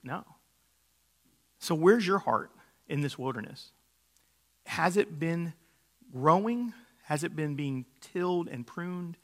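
A middle-aged man gives a sermon in a fairly high voice. He tells stories in a loose, conversational way, full of fillers and false starts. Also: animated, slow pace, pauses often. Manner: casual storytelling with many fillers and restarts. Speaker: pastor.

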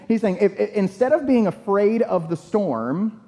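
A man preaching a sermon in a lively, conversational way, acting out the disciples' panic. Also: high-pitched, normal speed. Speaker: pastor. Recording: long hall reverb.

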